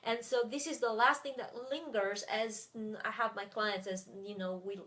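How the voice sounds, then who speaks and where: A woman's voice: medium pitch, steady tone, moderate pace, fairly bright tone, slight background noise. A native French-speaking woman teaching an online webinar lesson, hesitant, with many fillers and self-corrections. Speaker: French tutor.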